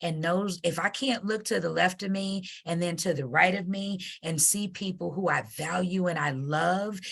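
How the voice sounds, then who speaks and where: A woman host with a low voice and plenty of gravelly fry. She speaks in an effusive, emotional way, close to tears, as she thanks her guest and wraps up. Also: fairly bright tone. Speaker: host and company CEO. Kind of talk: heartfelt interview wrap-up.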